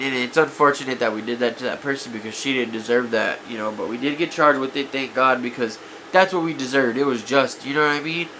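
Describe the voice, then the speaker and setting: A man's voice: mid-range voice, bright, forceful tone, a little hiss or hum. A man vlogger telling stories from his past in a casual, confessional way, regretful and self-critical, often calling his viewers guys, his voice a bit off from allergies. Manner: keeps addressing viewers as guys, many you-knows. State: voice affected by allergies.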